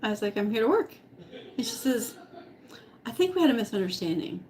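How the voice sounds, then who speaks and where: A woman's voice: on the high side, big pitch swings, a little fast, a little mellow, slight background noise. A middle-aged woman vlogger telling a story to her live chat, laughing often and eating as she talks. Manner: giggly, laughs often while talking; eating while talking.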